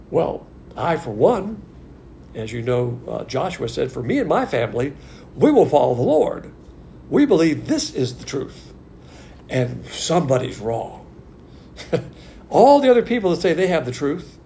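A gravelly-voiced man preaches in a folksy, blunt manner, his pitch swinging up high on rhetorical questions. He teaches an informal Bible class, and faint background noise sits under his voice. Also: a little mellow. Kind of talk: informal sermon. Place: church class streamed on video call.

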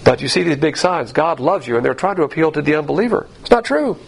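A man's voice: fairly high pitch, expressive, fast, vocal fry, a little hiss or hum. A man teaching the Bible in a sermon, emphatic and sarcastic as he mocks the views he quotes.

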